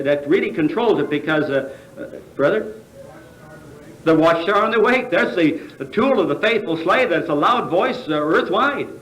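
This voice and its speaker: A convention speaker, an American man with a high-sitting, slightly bright voice, gives a sermon in a large hall with an echoey sound. He questions his listeners rhetorically and stumbles over fillers as he talks.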